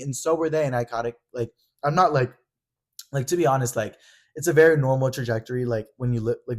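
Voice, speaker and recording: A young man co-hosting a podcast, talking quickly in casual chat with lots of fillers and playful mock drama. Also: medium pitch. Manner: fast, chatty, filler-heavy, mock-dramatic. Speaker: podcast co-host. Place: Los Angeles.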